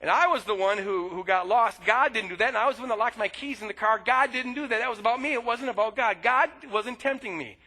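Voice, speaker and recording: Middle-aged male pastor, high and bright, lively storyteller with loud outbursts. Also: quick pace, few pauses, low-quality recording. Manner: animated storytelling, bursts of loud shouting when acting out anger. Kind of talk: sermon with personal story.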